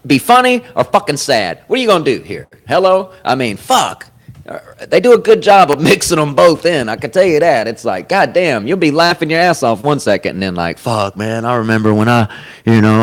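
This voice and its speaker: A man hosting a podcast in casual chat, rambling and profane, getting louder at times and laughing. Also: medium pitch. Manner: profane, rambling, swings loud with sudden laughs. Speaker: podcast host. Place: comedy club.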